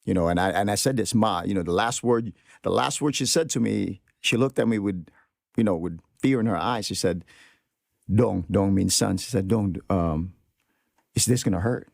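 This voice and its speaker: A man's voice: fairly low pitch, normal speed, creaky, no room sound, clean studio sound. A man telling a personal story on a podcast in an earnest, reflective way. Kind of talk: casual podcast conversation.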